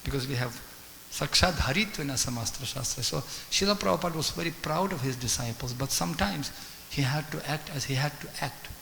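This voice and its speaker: A man giving a sermon as a guest speaker, telling stories in an animated way, acting out dialogue and chanting Sanskrit verses. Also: a little high, brisk, gravelly. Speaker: guest speaker at a temple class. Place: temple hall. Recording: echoey temple hall with faint hiss.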